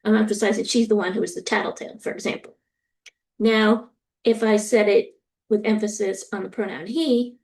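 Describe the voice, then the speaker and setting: A woman lecturer explaining a topic step by step, often pausing with ums and acting out example sentences. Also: mid-range voice, fairly even intonation, creaky, a little mellow. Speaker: university lecturer. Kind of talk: recorded lecture.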